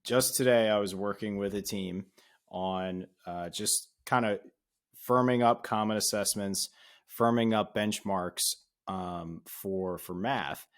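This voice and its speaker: A man's voice: lowish voice, slow. A man on an education podcast, explaining things in a casual way with small restarts.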